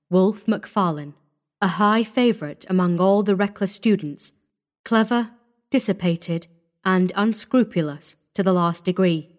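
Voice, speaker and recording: A woman narrating a classic short story in a measured, even storytelling read. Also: mid-range voice. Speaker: audiobook narrator. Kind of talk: scripted narration.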